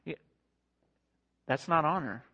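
A young married man preaching a sermon to a congregation in a conversational, self-deprecating way, slipping into quick acted-out quotes. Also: a little high, sharp tone, breathy edge. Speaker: pastor. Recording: dull lo-fi sound.

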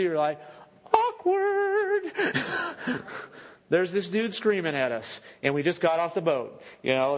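A male pastor delivers a casual, chatty sermon full of asides and restarts. His voice sits a little high for a man. It rings out with a long reverb in a church sanctuary. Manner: conversational, joking asides and self-corrections.

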